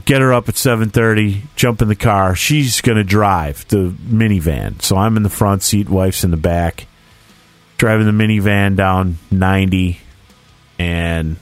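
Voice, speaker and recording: A man's voice: low voice, no echo. A man in his forties telling a family story in casual chat, acting out the voices of the people in it. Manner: animated storyteller who acts out the voices in his stories.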